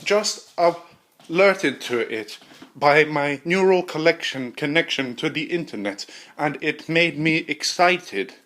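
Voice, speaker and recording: A man voicing a newly awakened male AI in a drawn-out robotic voice. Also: a little high, expressive, a bit bright, voice pushed up. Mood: pleading.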